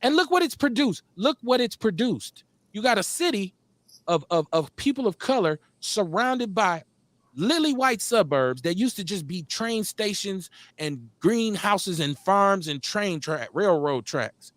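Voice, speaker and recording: Fired-up, profane talk radio host, high-pitched. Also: male voice, expressive, unhurried, a bit bright, no room sound. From Milwaukee, Wisconsin. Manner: fired up, profane, emphatic, rhetorical questions. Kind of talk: heated political talk radio rant.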